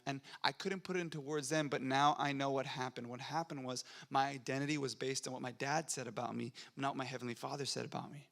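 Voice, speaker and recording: A man's voice: mid-range voice, fairly even intonation, fast, creaky, hardly any pauses, a bit bright. A young adult man preaching a sermon in a church, conversational and earnest, rising to fervent emphasis. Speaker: pastor. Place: church sanctuary.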